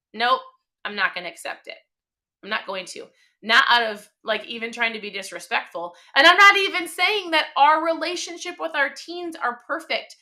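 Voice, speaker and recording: A woman's voice: fairly high pitch, pushed and bright. A woman in her thirties hosting a motivational live stream, talking emphatically and chattily with many fillers.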